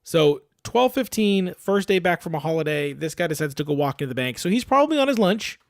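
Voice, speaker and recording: A man's voice: a little high, fairly quick, no room sound, clean studio sound. A man co-hosting a podcast, telling a story in casual chat, acting out voices and swearing freely. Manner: animated storytelling, acts out voices, swears a lot. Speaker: podcast co-host.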